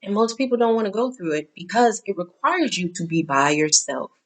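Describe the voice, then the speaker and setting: A woman's voice: medium pitch, expressive, brisk. A middle-aged woman hosting a casual spiritual talk, candid and emphatic, repeating herself and cursing now and then.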